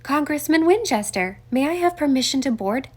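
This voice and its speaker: A woman voicing a calm young woman detective. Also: a little high, moderate pace, natural voice. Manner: polite but firm, probing questions.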